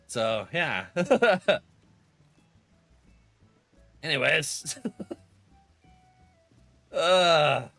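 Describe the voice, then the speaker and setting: A man's voice: on the high side, wildly swooping pitch, extremely slow, pauses often, a bit bright, no room sound, faint music behind. A man streaming a game and chatting casually, laughing often and acting out his friends' lines, while getting over a cold. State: has a cold. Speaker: gaming streamer.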